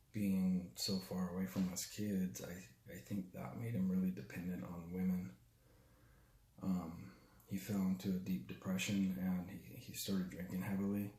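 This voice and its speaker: A young man telling a personal story in a halting, raw way, full of restarts and swearing. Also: low-pitched, warm tone, reverberant. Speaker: storyteller recounting his father's death. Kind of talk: personal spoken testimony.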